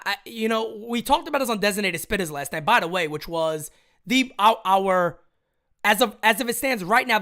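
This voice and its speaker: A man hosting a fan sports livestream, hyped and chatty, rattling off shout-outs with frequent restarts. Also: sits high. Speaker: livestream host. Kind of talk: energetic fan livestream talk.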